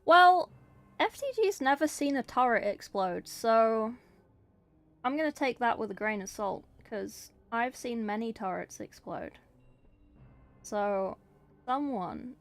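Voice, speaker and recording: A woman's voice: on the high side, expressive, takes it slowly, long pauses. A young woman painting miniatures on a livestream, chatting casually and answering viewer chat as she works. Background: faint background music.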